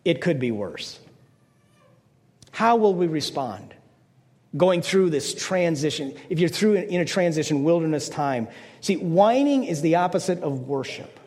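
A man's voice: a little high, expressive, measured pace, darkish tone, in a large hall. An older man preaching a conversational sermon as pastor, playful, slipping into mock voices to make his points.

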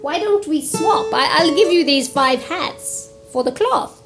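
A woman storyteller voicing a friendly male traveller who sells straw hats, eager and quick to laugh. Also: high voice, lively intonation, over music, pitched above the performer's own voice. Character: cheerful friendly male straw hat seller.

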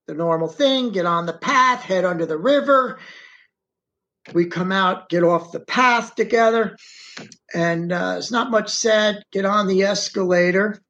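A man's voice: sits high, fairly bright tone. A middle-aged man, an interview guest, telling a first-person story in a rambling, repetitive way and often slipping into the present tense. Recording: dull, muffled audio.

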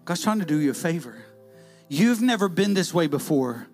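A man preaching a sermon, who repeats his phrases, calls out to the congregation, and breaks into shouts and sung lines. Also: fairly high pitch, big pitch swings, moderate pace, faint music behind. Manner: call-and-response, repetitive, bursts into shouts and sung lines.

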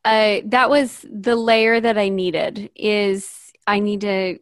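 A woman hosting a podcast, speaking in an earnest, measured way as she reflects and thanks her guest and listeners. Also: medium pitch, flat delivery, no echo, studio quality. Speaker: podcast host. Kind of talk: casual podcast conversation.

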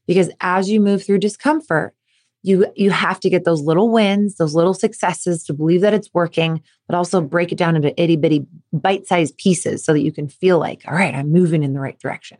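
A woman host of a sport-coaching podcast, speaking casually straight to her listeners. She keeps an easy, conversational flow and slips into brighter, playful voices when she acts out what a parent might say. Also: on the low side, a little fast. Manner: animated, acts out quoted questions in a lively voice. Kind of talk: casual solo podcast talk.

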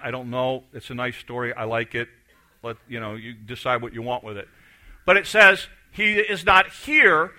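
Bright-voiced man preaching a sermon. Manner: storytelling, acts out voices, drops to soft low emphasis. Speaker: pastor.

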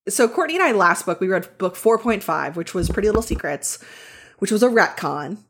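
A woman's voice: medium pitch, expressive, brisk. Chatty woman co-hosting a podcast. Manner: chatty, many fillers, frank opinions. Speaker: podcast co-host. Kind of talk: casual chat.

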